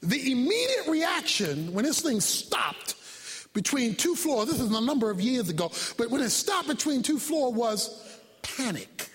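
A man preaching a sermon in a very high voice that leaps all over the place. He shouts key points, then drops suddenly soft and low, and acts out his story with sound effects and rhetorical questions. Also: sing-song, a little slow, slightly rough, big-room sound. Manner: emphatic, swings from loud shouting to soft low asides.

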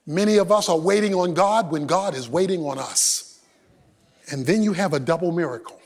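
A man preaching a sermon as pastor, emphatic and animated, swinging between loud bursts and hushed asides. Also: high-pitched, normal speed, in a large hall.

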